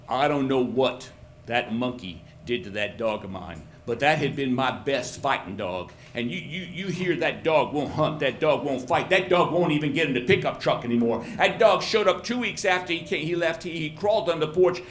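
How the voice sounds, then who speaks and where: Rough, complaining country fella, put on by a storyteller, in a lower register; roomy room. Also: male voice, animated, normal speed, a bit bright, a little hiss or hum. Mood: aggrieved. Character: aggrieved rough country man, dog owner. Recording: roomy pub with faint chatter.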